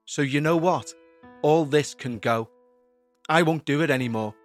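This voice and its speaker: A man voicing a quiet, troubled young man. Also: a little high, a little slow, soft background music, close to an everyday voice. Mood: subdued.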